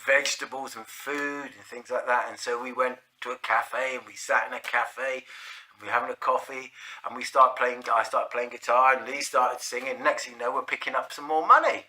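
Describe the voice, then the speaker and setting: Bright-voiced man spinning a yarn. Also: mid-range voice, fairly even intonation, moderate pace. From South London. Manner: rambling, sweary, full of restarts and "like, you know". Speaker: storyteller. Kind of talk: casual spoken storytelling.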